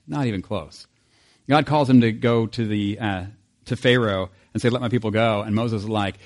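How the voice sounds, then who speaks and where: A man's voice: mid-range voice, unhurried, a little mellow. A male pastor giving a conversational sermon, acting out quoted voices and chuckling often.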